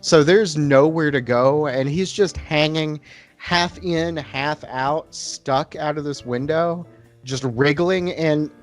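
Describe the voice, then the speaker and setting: A man co-hosting a casual beer-and-movie podcast, retelling scenes in a relaxed, conversational way. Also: fairly high pitch, slow pace, soft background music. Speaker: podcast co-host. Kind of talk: casual movie chat over beers.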